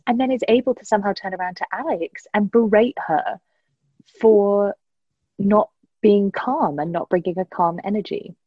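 A woman co-hosts a casual recap chat, breaking down behavior articulately. Her voice is slightly husky and sits dry and close to the mic. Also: medium pitch, darkish tone, dry recording, muffled recording. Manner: analytical, articulate commentary. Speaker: podcast co-host.

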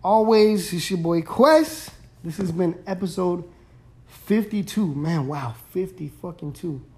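Slow, laid-back young man podcasting. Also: high-pitched, expressive, a little mellow. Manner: rambling, laid-back slang. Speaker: podcast host. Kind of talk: casual solo podcast chat.

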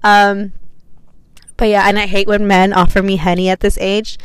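A woman's voice: medium pitch, little pitch movement, normal speed, clear, resonant tone, no echo. A young woman in her twenties hosting her own podcast, chatting casually and bubbly with lots of fillers. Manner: chatty and bubbly, many fillers, laughs often. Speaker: podcast host. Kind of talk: casual solo podcast chat.

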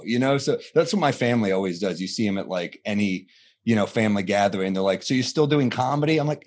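A man in his thirties talks through his comedy career in relaxed interview chat. His voice sits mid-range, and he acts out quoted lines with sudden lifts in pitch. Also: brisk. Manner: animated storytelling, acts out quotes with jumps in pitch. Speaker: comedian guest.

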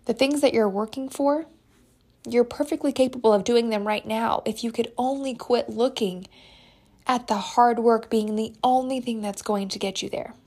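A woman's voice: a little high, steady tone, moderate pace, a little mellow. A middle-aged woman giving an earnest, encouraging motivational talk straight to her listeners. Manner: earnest, encouraging, direct address. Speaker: motivational speaker.

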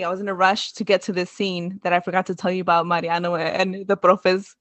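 A woman on a podcast, talking through a recap in a casual, animated way and slipping into the characters' lines as she goes. Her voice has an ordinary middle pitch. The recording is dry and close. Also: fairly quick, no echo. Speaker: podcast co-host.

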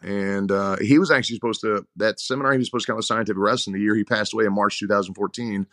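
Coach guy rambling through stories, kinda low voice, dry close mic, repeats himself a lot. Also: rapid-fire, dry recording. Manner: animated, rambling, repeats words. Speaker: head wrestling coach. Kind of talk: casual interview storytelling.

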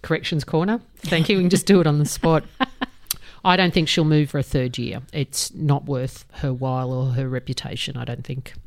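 A woman's voice: deep voice, steady tone, normal speed, a little mellow. Woman making blunt footy calls. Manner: blunt, frank verdicts with a laugh. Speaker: podcast co-host. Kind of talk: casual sports chat.

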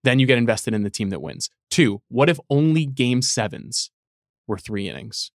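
Man pitching a wild sports take, dry studio sound. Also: sing-song, moderate pace, dry recording. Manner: argues an outlandish take with mock seriousness. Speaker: podcast panelist. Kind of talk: casual sports debate.

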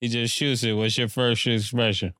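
Smooth-voiced male podcast co-host. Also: mid-range voice, level tone, normal speed, a bit bright. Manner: short replies and brief follow-up questions. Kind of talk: casual chat.

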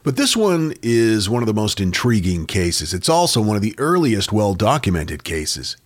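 A man's voice: on the low side, sing-song, moderate pace. A man co-hosting a podcast, telling odd facts in a casual, storytelling way. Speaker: podcast co-host. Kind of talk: casual chat.

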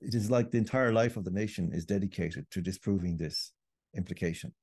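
A man's voice: low voice, fairly quick, darkish tone, slightly rough, dry recording, clean studio sound. A middle-aged Irish man, a writer and podcast guest, making a long, earnest argument. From Ireland. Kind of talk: podcast interview.

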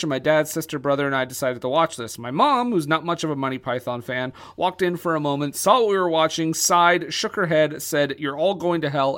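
A man with a slightly high voice co-hosts a relaxed chat. He rambles loosely, piles on fillers and tosses off quick jokes. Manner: loose, joking, lots of fillers. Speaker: podcast co-host. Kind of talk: casual chat.

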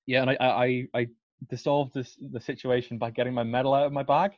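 A man's voice: mid-range voice, flat delivery, fast talker. A young man, telling a story in casual chat, laid-back and full of fillers and swearing. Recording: dull, slightly lo-fi dry sound.

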